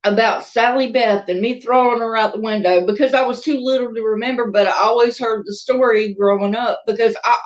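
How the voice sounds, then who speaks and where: A woman's voice: fairly high pitch, fairly even intonation, brisk, hardly any pauses, muffled recording. A woman with a Southern US accent telling a rambling, chatty story in a casual vlog, with laughs between thoughts. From American South. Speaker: crochet and doll vlogger.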